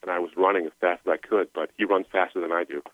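A man's voice: low-pitched, fairly even intonation, rapid-fire, dry recording. A middle-aged man telling his personal story as a guest, earnest and emotional, over a tinny phone line. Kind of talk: personal testimony.

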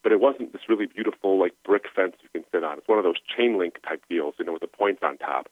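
A man's voice: low-pitched, fast talker, dry recording. A middle-aged man telling his personal story as a guest, earnest and emotional, over a tinny phone line. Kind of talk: personal testimony.

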